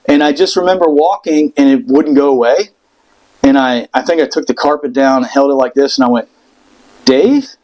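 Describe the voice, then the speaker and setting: A middle-aged man casually telling a story on a podcast, animated, acting out what people said and swearing freely. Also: mid-range voice, brisk, low-quality recording.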